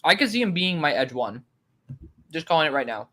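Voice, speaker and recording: A young man co-hosting a casual chat, excitable, laughing often and swearing casually. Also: fairly high pitch, brisk. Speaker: co-host.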